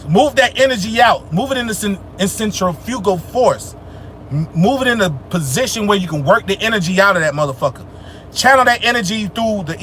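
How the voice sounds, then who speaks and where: In a laid-back spiritual Q&A on his livestream, a young man responds to chat with a high, bright, forceful delivery. Profanity and street slang color his loose speech, and he turns preachy and emphatic when pressing a point, with quiet traffic noise behind him.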